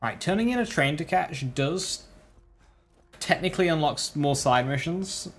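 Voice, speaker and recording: A man's voice: medium pitch, a bit bright. A man giving casual, wry commentary while playing a video game, thinking aloud. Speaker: gaming video host.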